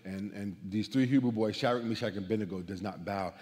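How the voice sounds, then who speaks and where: A man's voice: fairly low pitch, fast talker, darkish tone. A man giving a sermon as guest preacher from a church stage. He tells a story in a conversational way, full of restarts and repeated words. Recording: long reverb of a church hall.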